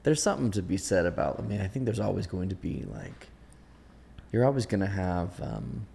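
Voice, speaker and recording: A man's voice: sits low, sing-song, brisk, gravelly, dark tone, a little hiss or hum. A man hosting a podcast, chatting casually and thinking aloud with lots of fillers. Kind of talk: casual chat.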